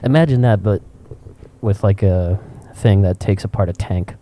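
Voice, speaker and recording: In a cigar shop, a man co-hosts a casual podcast, animatedly telling stories and laughing often. His voice is on the low side at a moderate pace, with a little hiss or hum in the audio.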